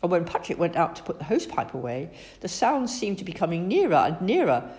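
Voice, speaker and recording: Woman reading a children's story, low pitch, lively expressive rises and falls. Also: a little fast. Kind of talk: children's story read aloud.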